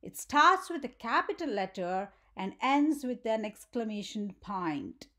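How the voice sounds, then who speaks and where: A woman's voice: fairly high pitch, very animated, a little slow, a bit bright. A woman teaching a grammar lesson for children, often checking in with "right?" and asking the viewer questions.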